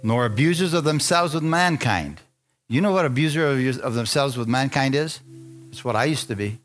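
A man preaching as pastor, reading scripture and telling his own testimony, asking the congregation for amens and rising into excited high peaks. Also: normal speed, soft background music. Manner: animated preaching, calls for amen, rises to high excited peaks. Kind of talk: sermon.

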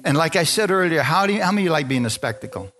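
A man preaching as pastor, reading scripture and telling his own testimony, asking the congregation for amens and rising into excited high peaks. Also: racing. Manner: animated preaching, calls for amen, rises to high excited peaks. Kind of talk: sermon.

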